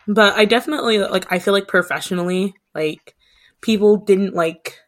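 A woman's voice: medium pitch, moderate pace. A woman in her twenties hosting a casual podcast discussion, chatty with many filler words. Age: 20s. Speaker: podcast host.

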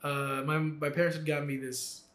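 A man's voice: on the high side, level tone, a little fast, fairly bright tone. A young man co-hosting a podcast, telling rambling stories in a casual, filler-heavy way. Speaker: podcast co-host. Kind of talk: casual chat. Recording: echoey room.

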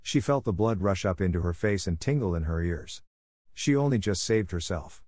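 A man narrating a classic novel as an audiobook for language learners, reading in a measured, clear way. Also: deep voice, lively intonation, a little mellow, dry recording, clean studio sound.

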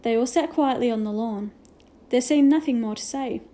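A woman reading a children's novel aloud with gentle storytelling and hushed asides. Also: fairly high pitch, moderate pace. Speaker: reader.

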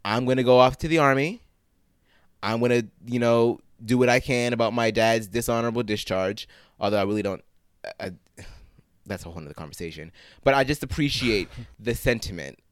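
A man co-hosting a podcast in casual chat, ranting with exasperated, animated swings. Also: medium pitch, a little fast, smooth, dry recording. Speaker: podcast co-host.

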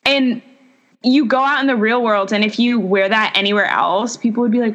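A woman's voice: fairly high pitch, moderate pace, a bit bright, highs cut off. A young woman in her twenties co-hosting a podcast, chatting playfully with frequent fillers. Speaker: podcast co-host. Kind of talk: casual chat.

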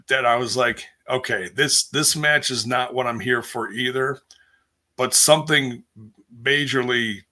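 A man's voice: mid-range voice, sharp tone. A man hosting a casual live stream, rambling through a recap with lots of fillers and restarts while reading viewer comments. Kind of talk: casual chat.

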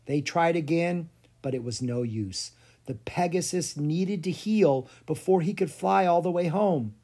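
A narrator reading a children's fantasy chapter book aloud with an expressive delivery. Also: medium pitch, measured pace, husky. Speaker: audiobook narrator. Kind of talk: storybook narration.

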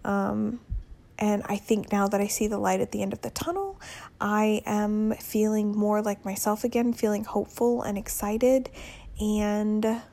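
A woman's voice: medium pitch, level tone, measured pace, gravelly. Young woman, casual solo podcast host, candid and chatty, recorded at home in her bedroom. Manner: chatty and candid, with soft laughs.

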